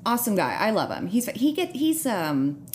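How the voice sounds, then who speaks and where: A young woman hosting a podcast in casual chat, animated and profane, laughing often. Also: medium pitch, moderate pace, a little hiss or hum. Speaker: podcast host.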